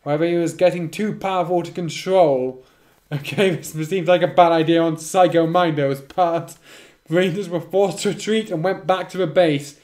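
A man's voice: on the high side, fairly even intonation, normal speed, darkish tone. A man reading a fan story aloud and breaking off for sarcastic comments on the writing. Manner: sarcastic, interrupts the reading with wry remarks. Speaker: reader and commentator. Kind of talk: reading fan fiction aloud with snarky asides.

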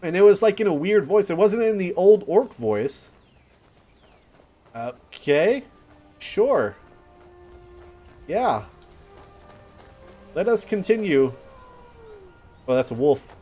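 A young man talks over his gameplay in a slow, unhurried way, his voice leaping high whenever something surprises him. The pitch sits a little high and moves a lot, with faint background music behind him. He comes across as casual and easily thrilled. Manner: excitable, yelps and laughs at surprises. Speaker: let's play host.

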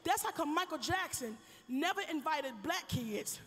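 A woman stand-up comedian telling a profane story in a brash style with loud outbursts, on a live stage. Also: high-pitched, animated, moderate pace. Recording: reverberant live venue.

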